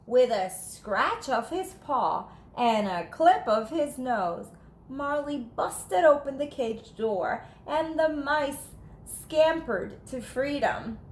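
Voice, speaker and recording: A woman teacher reads a children's picture book aloud in an animated, playful way. She takes her time, and her pitch rises and falls a great deal. The room is echoey, with faint noise behind her. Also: takes it slowly. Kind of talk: children's storybook read-aloud.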